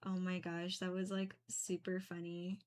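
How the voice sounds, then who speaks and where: A woman's voice: lowish voice, monotone, measured pace, a little mellow. A young woman chatting casually while she paints, rambling with many fillers and small giggles. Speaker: painting streamer.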